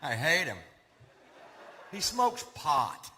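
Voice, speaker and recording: A man working a stand-up set, drawling through his stories in a bright, slightly high voice. His mic is caught in a big live hall with a long reverb tail and a faint hum of room ambience behind him. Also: big pitch swings, very slow. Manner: drawling, laid-back storytelling. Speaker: stand-up comedian. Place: theater stage before a live audience. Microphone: stage microphone.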